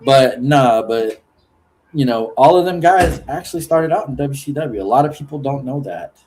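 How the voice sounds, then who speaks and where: A man's voice: mid-range voice, expressive, moderate pace, a little mellow. A man hosting a casual podcast chat, rambling and swearing freely, often laughing. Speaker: podcast host.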